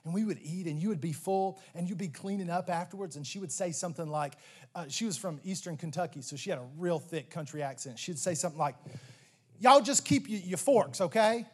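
A male pastor with a breathy edge to his voice preaches animatedly, moving between loud, emphatic statements and low, slow ones, with stammered restarts along the way.

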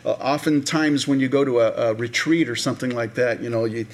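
A man preaching a sermon in a relaxed, conversational way, with many fillers and restarts, sometimes acting out voices of people in the story. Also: medium pitch, a little fast. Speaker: pastor.

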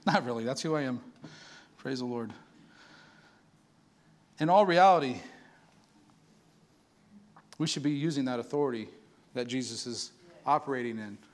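A man preaching a sermon to his church, animated and conversational, asking the congregation for responses. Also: medium pitch, normal speed, pauses often. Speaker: pastor.

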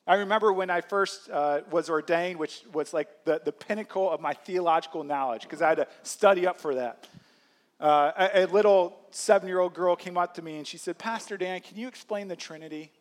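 Man, pastor, sermon, high-pitched voice, conversational preaching, acts out quotes. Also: a little fast. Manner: conversational preaching with light laughs and acted-out quotes.

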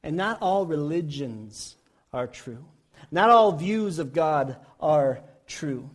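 High-voiced man preaching with passion. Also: animated, slow. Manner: impassioned storytelling, rising and falling intensity. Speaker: pastor. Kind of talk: sermon.

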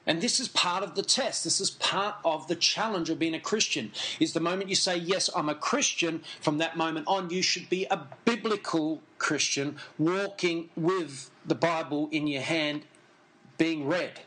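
Earnest high-voiced male preacher. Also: moderate pace, pushed and bright, low-quality recording. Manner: earnest, emphatic, repeats key phrases; conversational asides to the congregation. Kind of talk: sermon.

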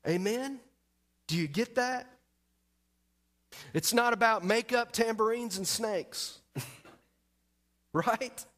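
A man's voice: high-pitched, takes it slowly, pauses often, fairly bright tone. A man preaching a sermon as pastor, telling a personal story with emphasis and speaking straight to the congregation.

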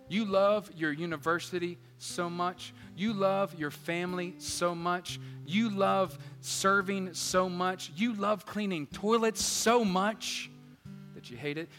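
A male pastor preaching with a bright, forceful, fairly high voice. He jokes and swings from loud emphatic lines to soft asides. The sound carries a long church-hall reverb with faint guitar underneath. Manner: energetic, joking, shifts between loud emphasis and quiet asides. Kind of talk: sermon. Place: church sanctuary.

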